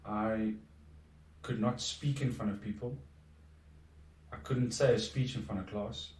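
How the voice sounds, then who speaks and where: A man's voice: on the low side, fairly even intonation, measured pace, darkish tone. A middle-aged man, a podcast guest talking in a reflective, earnest way with frequent restarts. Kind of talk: casual conversation. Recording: echoey room, distant from mic.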